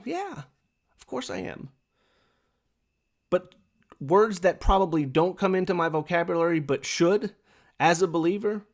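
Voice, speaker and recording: Podcast host, man, fervent and repetitive, voice sits a bit high. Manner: impassioned, repetitive, preachy; smokes a pipe while talking. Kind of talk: opinionated monologue.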